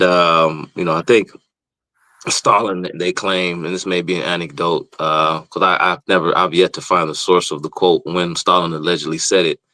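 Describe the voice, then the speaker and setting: Deep, bright-toned man on a dry mic. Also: no room sound. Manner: measured and hesitant, many fillers when explaining. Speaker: podcast co-host. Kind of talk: casual panel chat.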